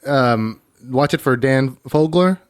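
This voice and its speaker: A man's voice: mid-range voice, slow pace, no echo, studio quality. A young man co-hosting a movie podcast, joking casually and restarting his sentences often. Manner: joking, rambling, stammers on restarts. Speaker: podcast co-host. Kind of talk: casual chat.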